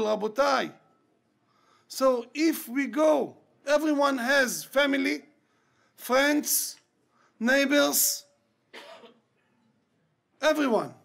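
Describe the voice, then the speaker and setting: A man's voice: extremely high pitch, gravelly, fairly bright tone. A man, a rabbi, preaching an impassioned storytelling sermon and repeating key words for emphasis.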